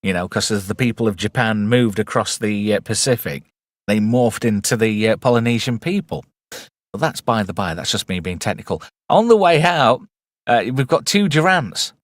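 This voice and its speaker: A man's voice: fairly low pitch, expressive, moderate pace, dry recording. A man giving a rambling, irreverent movie commentary and swearing freely. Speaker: movie reviewer. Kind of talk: casual film commentary.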